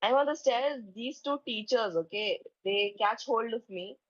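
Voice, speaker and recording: A woman's voice: a little high, a little slow, no room sound. Young woman, rambling anecdote teller with lots of "like", dull dry mic. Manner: chatty, peppers speech with "like" and "okay", acts out dialogue. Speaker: streamer telling a story. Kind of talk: casual storytelling chat.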